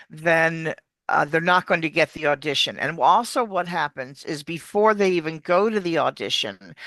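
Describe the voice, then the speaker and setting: Bright, chatty woman coach. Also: on the low side, no echo. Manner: chatty, explanatory, restarts words. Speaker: accent coach. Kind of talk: casual video-call interview.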